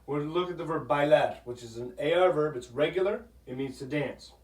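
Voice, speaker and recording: A man teaching a Spanish grammar lesson, patient, repeating "okay?" often and sounding out words slowly. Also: fairly high pitch. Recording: echoey room, voice from a distance.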